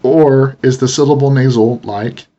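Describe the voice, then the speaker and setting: A man teaching pronunciation in a steady, explanatory narration. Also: mid-range voice, moderate pace. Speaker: language teacher. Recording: dull lo-fi voice recording.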